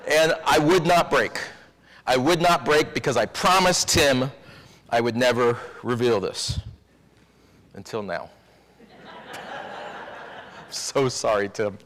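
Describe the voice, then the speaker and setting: Storytelling minister in echoing church. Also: male voice, mid-range voice, slow, long pauses, a bit bright. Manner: storytelling, wry and confiding. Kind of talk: sermon. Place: church sanctuary. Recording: long church reverb.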